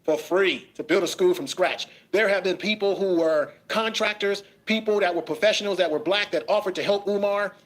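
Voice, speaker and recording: Male commentary host, high voice, emphatic and critical. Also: normal speed, few pauses, a bit bright. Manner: emphatic, critical, reads out posts. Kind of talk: casual commentary.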